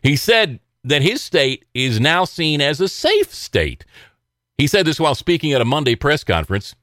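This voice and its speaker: A man hosts a political commentary show in a sarcastic, mocking tone, with scoffing laughs between points. His pitch swings widely as he talks. The recording is dry and close, with no room sound. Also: very animated, normal speed, fairly bright tone, no room sound. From American South.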